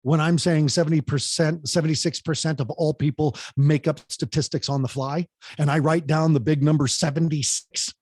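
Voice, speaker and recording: A man with a slightly high, husky voice talks fast and with energy, coaching on how to hold an audience. The recording is dry and close, with no room sound. He keeps addressing the listener directly as he makes his points. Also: no room sound. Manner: animated, speaks directly to the host by name. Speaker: podcast guest, public speaking coach. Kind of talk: energetic advice on public speaking.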